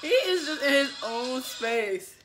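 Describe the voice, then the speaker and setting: A woman's voice: high-pitched, animated, takes it slowly, loud music behind the voice. A woman hosting a reaction video, talking in a bubbly, giggly, gushing way. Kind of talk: casual reaction commentary.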